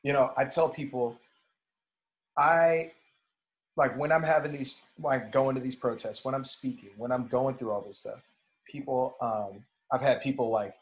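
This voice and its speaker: In a relaxed podcast chat, this male guest retells a story with plenty of animation, voicing the dialogue himself and cursing occasionally. His pitch is medium and his pace moderate.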